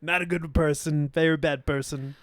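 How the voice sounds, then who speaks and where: A man doing a mocking impression of a boastful president, slow and full of repeated superlatives. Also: fairly high pitch, fairly even intonation, fairly bright tone, dry recording, clean studio sound, natural voice.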